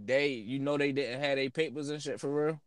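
A man's voice: medium pitch, a little fast, clean tone, no echo, clean studio sound. A man co-hosting a podcast, telling loose, profane stories in casual chat. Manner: loose, profane, animated storytelling. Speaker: podcast co-host.

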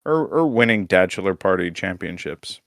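A man's voice: low-pitched, animated, moderate pace, a bit bright, no room sound, studio quality. A man co-hosting a casual podcast, recapping league results with teasing, crude jokes. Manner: joking, teasing, crude humor. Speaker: podcast co-host.

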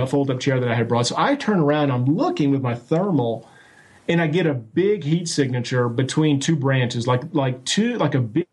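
A man telling a story as an interview guest, animated and full of restarts and acted-out quotes. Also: on the high side. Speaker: guest recounting a sighting. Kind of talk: casual storytelling.

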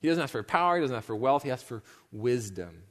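A man's voice: mid-range voice, big pitch swings, fast talker, long reverb tail. A man preaching a sermon in a church, retelling scripture in a casual storytelling way and acting out the characters' lines. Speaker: pastor. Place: church sanctuary.

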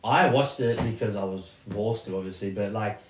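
A man's voice: on the low side, normal speed. A young man chatting casually as a podcast guest, laid-back and sweary. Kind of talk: casual chat. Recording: distant, echoey, faint hiss.

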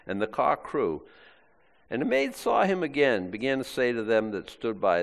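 A man's voice: mid-range voice, big pitch swings, normal speed, vocal fry. A man preaching a sermon, acting out quoted lines in shifting voices. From Maine, US. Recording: long hall reverb.

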